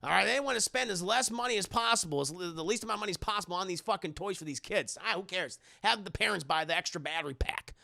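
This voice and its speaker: A man's voice: sits high, quick pace, vocal fry, few pauses, sharp tone, dry recording, clean studio sound. A man casually recapping a film on a live stream, rambling and swearing, talking to his chat. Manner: rambling, profane, addresses chat.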